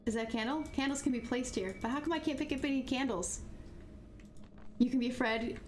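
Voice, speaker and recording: A woman's voice: high-pitched, fairly quick, slight background noise. A frightened woman streamer commentating a game live, swearing and laughing nervously as she talks to her chat.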